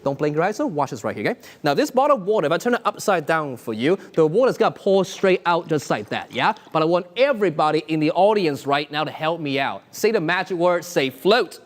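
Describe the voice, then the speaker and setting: Lively high-voiced showman magician, man. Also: fairly quick, few pauses. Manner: upbeat showman patter, chuckles often. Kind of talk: interactive online magic show.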